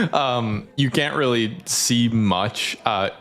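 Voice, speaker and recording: A man narrating as game master, easygoing and quick to laugh. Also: medium pitch, very animated, fairly bright tone.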